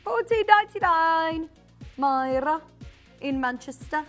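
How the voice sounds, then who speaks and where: A woman presenting on a live shopping channel, chatty and bubbly, quickly rattling off prices and buyer names in a studio. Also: very high voice, expressive, fairly bright tone, faint music behind. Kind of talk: live TV sales patter.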